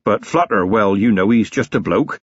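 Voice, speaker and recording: A man's voice: lowish voice, animated, moderate pace, breathy edge, no echo, muffled recording. A man reading the part of a wheezy publican and former copper, a sly man who talks in a coarse, grumbling way. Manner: coarse, grumbling working-class talk. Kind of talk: audiobook character reading.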